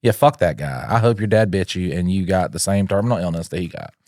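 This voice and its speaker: Brief: young male comedy podcaster, low voice, dry close sound, rambling and crude with silly voices. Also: fast talker, darkish tone, no room sound. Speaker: podcast co-host. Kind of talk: comedic reaction chat.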